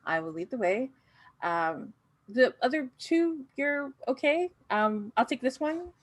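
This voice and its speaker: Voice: high voice, animated, measured pace, voice pushed up. A woman voicing an upbeat, chatty clone officer who rambles in bubbly asides. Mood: chipper.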